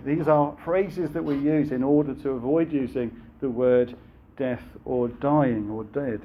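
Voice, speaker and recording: A man delivers a sermon in an easy, conversational way, pausing on fillers and asking his listeners rhetorical questions. His voice sits at an ordinary pitch for a man. The recording is a little muffled, with a faint ambient hum underneath. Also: fairly even intonation. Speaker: preacher.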